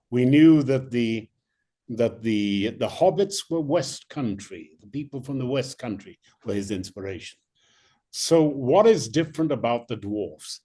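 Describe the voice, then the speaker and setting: Older guy telling showbiz stories in an interview, lively and halting, mid-pitch voice. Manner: animated storyteller, many restarts. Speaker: actor guest. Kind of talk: interview anecdotes.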